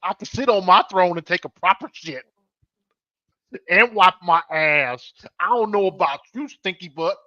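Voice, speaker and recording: A man co-hosts a casual live stream, sarcastic and crude as he trades insults. His voice is a little high and sharply bright. It comes through a dull, lo-fi feed that sounds dry and close. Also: measured pace, dry recording. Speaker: co-host.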